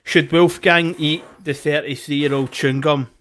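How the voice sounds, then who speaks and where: A Glaswegian man co-hosts a web show in loose, joking banter. His voice sits a little high for a man, and he tells stories with a casual, swearing ease. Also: fairly even intonation, unhurried, a bit bright. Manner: swearing, chatty storyteller.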